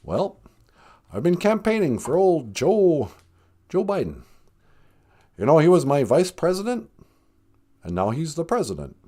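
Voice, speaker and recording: A man doing a halting, earnest politician. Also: a little high, huge pitch swings, dark tone, exaggerated voice. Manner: pauses with drawn-out "uh", earnest speechmaking delivery. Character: male ex-president, measured, halting politician cadence. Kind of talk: comedic call-in impression.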